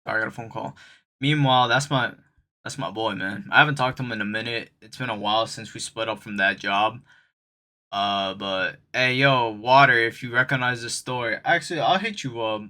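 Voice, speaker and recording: Slangy young man with a bright voice. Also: medium pitch, brisk. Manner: loose and slangy, talks straight to viewers. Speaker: streamer telling a story. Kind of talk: casual storytime.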